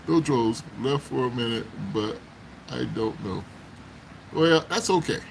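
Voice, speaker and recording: A man's voice: a little high, big pitch swings, slow, vocal fry, long pauses, a little hiss or hum, low-quality recording. A man hosting a casual livestream, chatting with viewers, laughing often and exclaiming as he talks. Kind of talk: casual live chat. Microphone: phone.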